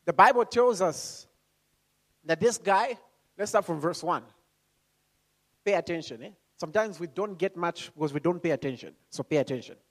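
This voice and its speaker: High-voiced man preaching a lively sermon. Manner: calm and slow, then rising to loud calls to the congregation; asks the congregation questions and acts out voices.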